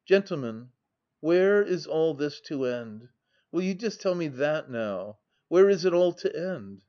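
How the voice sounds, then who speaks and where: Male reader doing an earnest young gentleman quitting drink, solemn and agitated, slightly raised voice, dull lo-fi sound. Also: a little high, big pitch swings, unhurried.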